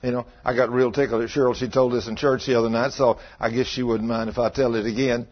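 Husky preacher telling stories. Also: male voice, medium pitch, flat delivery, quick pace, lo-fi sound. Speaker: pastor. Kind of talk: folksy sermon storytelling. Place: church.

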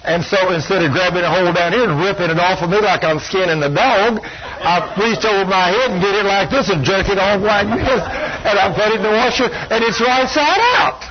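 Speaking at a normal speed in a high-pitched voice, an older man delivers a folksy sermon. He's plain-spoken and self-deprecating, telling homespun stories, all captured in dull lo-fi sound.

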